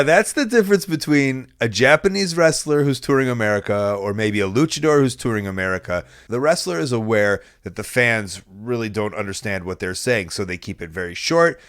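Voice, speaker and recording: A podcast host talks back to a caller's message, joking and animated, and his tone swings between playful asides and plain remarks. He is close to the mic and the sound is dry, with no room echo. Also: lowish voice. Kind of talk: podcast commentary.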